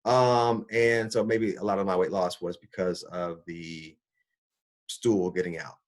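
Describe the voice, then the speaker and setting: A middle-aged man, a doctor, telling his own health story in a casual, animated way, acting out his reactions. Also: measured pace. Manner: animated, acts out his own reactions with big pitch jumps. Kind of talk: personal storytelling talk.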